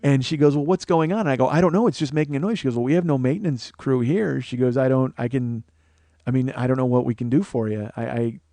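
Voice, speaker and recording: A man's voice: medium pitch, quick pace, dark tone, dry recording. A man hosting a comedy podcast, telling a long story with lots of swearing, laughing at his own jokes, into a studio microphone. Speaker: podcast host. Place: small studio, co-host close by.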